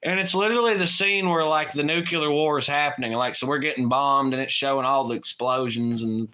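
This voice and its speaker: A man's voice: mid-range voice, steady tone, a little fast, pushed and bright, smooth. A man co-hosting a late-night livestream, chatting casually in a rambling, profane way and laughing often. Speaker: livestream co-host.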